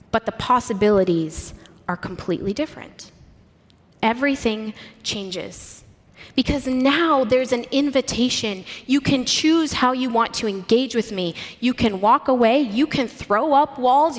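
A woman preacher giving a sermon, retelling stories vividly and earnestly, asking the listeners rhetorical questions. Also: fairly high pitch. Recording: long hall reverb.

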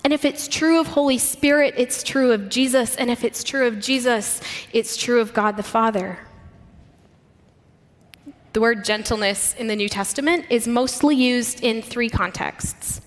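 A woman preaches with earnest, vivid storytelling and asks her listeners questions. Her voice is fairly high for a woman. A long reverb tail hangs over every phrase in a large hall. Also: a little slow. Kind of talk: sermon.

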